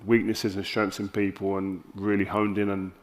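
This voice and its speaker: A man with a South London accent, an interview guest telling candid stories on stage with animated, lively quoted dialogue. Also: lowish voice, moderate pace. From South London, England.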